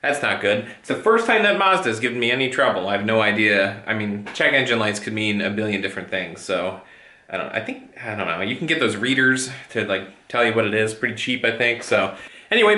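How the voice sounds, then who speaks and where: Male vlogger, tired, rambling and easygoing, bright forceful tone, echoey room. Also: medium pitch, animated, a little fast. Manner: rambling, easygoing, talks to his cat. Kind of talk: casual vlog chatter. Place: cold, drafty house at home. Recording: echoey room with faint noise.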